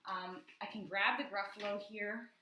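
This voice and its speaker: A woman explaining how to teach children rhyme and sounds through storybook reading, reading lines aloud slowly and stretching the rhyming words. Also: medium pitch, fairly even intonation, bright, forceful tone, slight background noise. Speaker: literacy educator. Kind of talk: instructional demonstration with storybook reading. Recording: echoey room.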